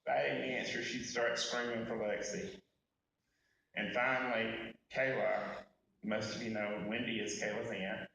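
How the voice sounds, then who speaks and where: A man delivering a folksy, candid eulogy at a memorial service, speaking directly to the mourners. His voice sits a little low. The sound is heavily echoey and distant, as if he were picked up from across a large room with faint noise underneath. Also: little pitch movement, unhurried, vocal fry, sharp tone. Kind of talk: personal eulogy with humorous stories.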